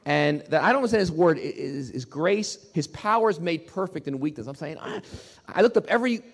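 A male pastor preaching a sermon in an emphatic, animated way, often repeating his words. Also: on the high side, brisk, creaky, long reverb tail.

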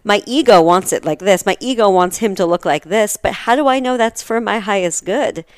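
Low smooth woman astrologer explaining stuff earnestly, dry close mic. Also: brisk, no echo. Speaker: astrologer guest. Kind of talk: casual spiritual chat.

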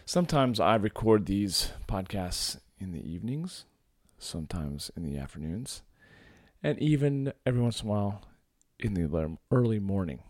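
A man hosting a solo podcast, his voice sitting low with a slightly groggy morning tone. He talks in a casual, reflective way, pausing on "uh" and circling back as he works through his thoughts. The sound is close and dry, with no room around it. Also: sing-song, a little mellow, no echo. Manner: reflective, thinking aloud with many fillers and restarts. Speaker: podcast host and men's coach.

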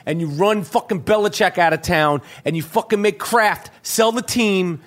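High-pitched guy ranting on his podcast, swearing a lot, keeps stumbling over words. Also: normal speed, a bit bright. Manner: heated, swearing, stammering restarts. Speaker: podcast host. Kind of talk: profane comedic rant.

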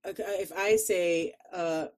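A woman with a Chicago accent, chatting casually as a podcast co-host, animated and quick to laugh. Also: on the low side. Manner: animated, laughs often, playful. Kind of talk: casual chat.

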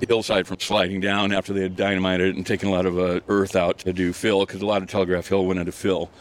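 Fast and low-pitched, with little pitch movement, an older man rambles through a story while walking outdoors on a hillside. He's the guest storyteller, laughing often and restarting constantly amid plenty of fillers.

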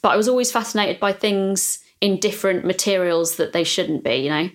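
A woman artist telling stories in a podcast interview, with an animated, laughing delivery that acts out the voices of the people she quotes. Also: medium pitch, fairly quick. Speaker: artist and guest.

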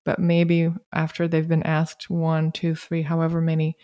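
A woman hosting a casual conversation, talking in a reflective, spiritual, unhurried way. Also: low voice, completely flat delivery, dark tone.

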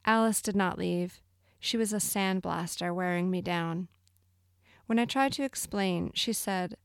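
A woman reading a literary short story aloud in a measured, brooding way. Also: mid-range voice, steady tone, no echo, clean studio sound. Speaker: narrator. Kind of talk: scripted literary narration.

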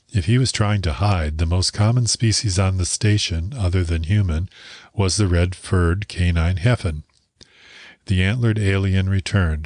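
A man narrates a short story in a calm, measured audiobook delivery. His voice sits very low. The recording is dry and close, with no room sound. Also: no room sound.

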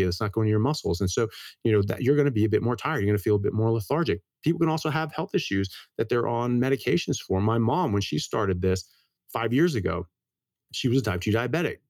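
Fast-talking American man, lowish voice. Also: darkish tone, no room sound, studio quality. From United States. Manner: brisk, earnest, tells anecdotes. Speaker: guest, medical doctor. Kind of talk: casual interview explanation.

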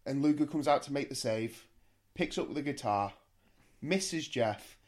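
A man recaps events on a casual podcast in an amused, chatty way. His voice sits at an everyday middle pitch. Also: expressive, unhurried. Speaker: podcast co-host. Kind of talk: casual wrestling review chat.

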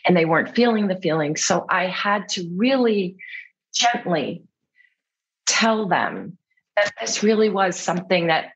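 A woman's voice: fairly low pitch, expressive, unhurried, breathy edge, highs cut off. A woman speaking as an interview guest, earnest and reflective, now and then acting out what others said. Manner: earnest, reflective, acts out quotes. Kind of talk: candid interview conversation.

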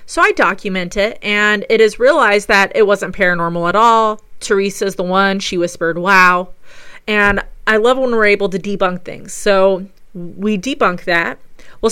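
A woman recounts a ghost investigation as a paranormal investigator, telling it with eager enthusiasm. Her voice is bright and smooth, and it sits close and dry with no room around it. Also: medium pitch, no room sound. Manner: enthusiastic storytelling. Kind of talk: narrated recap of a ghost investigation.

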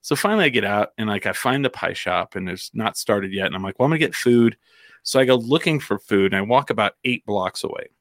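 A man's voice: lowish voice, animated, fast talker, few pauses, fairly bright tone, no echo, studio quality. A man from New Mexico telling a long story in casual chat, rambling with fillers and acting out quotes.

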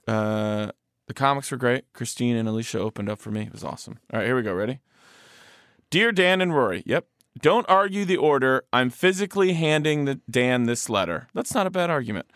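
A man co-hosting a podcast reads listener letters aloud, his pitch swinging in a lively, animated way. He jokes along as he goes, adding playful emphasis to the lines. The sound is dry and close to the mic, with no room echo. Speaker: podcast co-host. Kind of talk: casual chat, reading listener letters aloud.

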